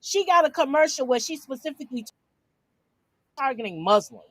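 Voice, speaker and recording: A woman co-hosting a podcast, ranting in a brash, loud and profane way in heated casual commentary. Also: high-pitched, animated, normal speed, no echo, poor audio. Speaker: podcast co-host.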